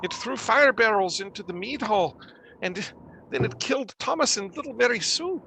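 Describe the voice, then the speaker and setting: A man's voice: takes it slowly, sharp tone, a little hiss or hum, heavily acted. A man voicing a panicked, soot-covered village man who screams frantically. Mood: shaken. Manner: screaming, frantic, high-pitched.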